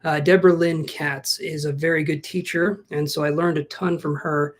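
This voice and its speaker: A man's voice: fairly high pitch, flat delivery, normal speed. Chatty man giving a live tarot reading. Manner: chatty, self-joking, thinks aloud. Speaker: tarot reader.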